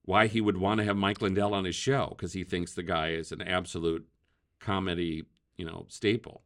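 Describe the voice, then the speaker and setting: A man's voice: low voice, flat delivery, moderate pace, a bit bright. A man hosting a casual political talk show, chatty, laughing often and using many fillers. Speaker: podcast host.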